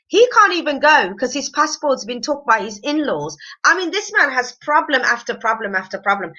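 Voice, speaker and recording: A woman recapping a reality show on a casual live stream, animated and opinionated, rambling with fillers. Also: sits high, muffled recording.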